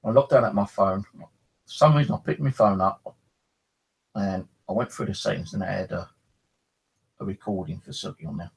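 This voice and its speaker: A man's voice: sits low, moderate pace, gravelly, pauses often, husky, rough recording. A man casually telling a rambling first-person story about a ghostly experience, swearing now and then. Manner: rambling, animated, swears freely. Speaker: paranormal storyteller.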